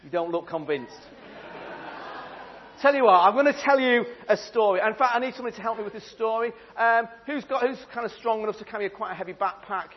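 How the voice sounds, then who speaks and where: High-voiced playful storyteller man. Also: fast talker, slight background noise. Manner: playful, theatrical, asks the audience questions. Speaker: storyteller speaking to children. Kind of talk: animated storytelling talk. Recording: dull lo-fi sound.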